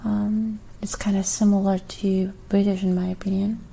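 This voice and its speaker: A young woman with a German accent and Russian as her first language, soft and hesitant in a whispered ASMR Q&A. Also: mid-range voice, level tone, vocal fry, slight background noise, rough recording. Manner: soft, hesitant, many pauses. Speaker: ASMR creator.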